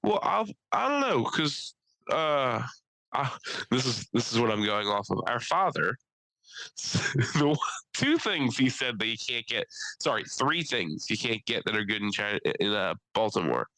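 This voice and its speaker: A young man from the Philadelphia area, hosting a podcast and telling crude stories in a casual chat, doing quick voices for the people in them. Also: medium pitch, gravelly, no room sound, poor audio. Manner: animated storytelling with crude jokes and voices. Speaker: podcast host.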